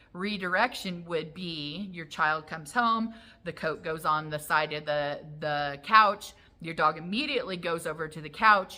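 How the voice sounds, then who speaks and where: Bright-voiced woman teaching dog training. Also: lowish voice. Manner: explanatory, acts out calls to the dog. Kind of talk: instructional talk.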